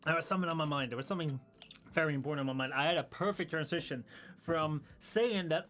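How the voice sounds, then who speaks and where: A man's voice: a little high, quick pace, fairly bright tone. A young man streaming and chatting casually, rambling and laughing often at himself. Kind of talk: casual chat.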